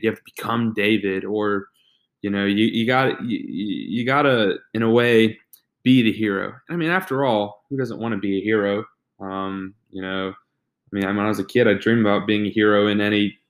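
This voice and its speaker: A young man co-hosting a faith podcast, talking casually with many restarts and fillers. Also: lowish voice. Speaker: podcast co-host.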